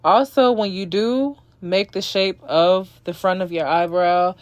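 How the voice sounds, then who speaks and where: A woman's voice: on the low side, fairly even intonation, measured pace, dry recording. A young woman talking viewers through a makeup tutorial in a sassy, chatty voice-over. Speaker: beauty vlogger.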